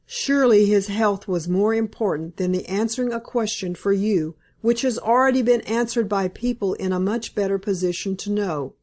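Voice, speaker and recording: A woman reading the part of a stern, impatient male country gentleman in a storybook, speaking brusquely and emphatically. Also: mid-range voice, moderate pace, hardly any pauses, close to an everyday voice.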